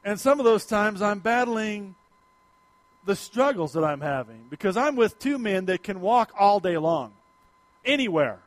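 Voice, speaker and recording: A middle-aged male pastor delivers his sermon with a noticeably high voice. He tells a folksy personal story, rising to loud emphasis and dropping to quiet asides. The sound is close and dry. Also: sing-song, unhurried, no echo.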